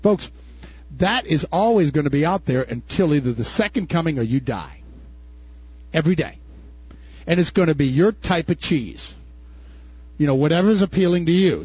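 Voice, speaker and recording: An older man preaching a sermon as pastor, impassioned and folksy, rising to shouts at his peaks. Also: sits high, husky, no room sound. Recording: dull dry recording.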